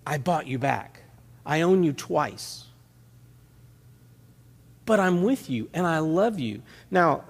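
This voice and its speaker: A man's voice: on the high side, gravelly. A male pastor, preaching a folksy, conversational sermon built on homely analogies. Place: church sanctuary. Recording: reverberant church hall.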